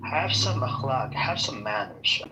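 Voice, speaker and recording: A man's voice: mid-range voice, lively intonation, measured pace, noisy background. A man in a heated live debate on an audio chat app, combative, profane and insulting, often stumbling and restarting.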